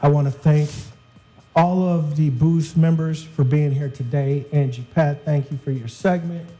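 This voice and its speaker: A middle-aged man co-hosting a casual chat show, animated and joking, acting out quotes. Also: fairly high pitch, measured pace, soft background music, poor audio. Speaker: co-host.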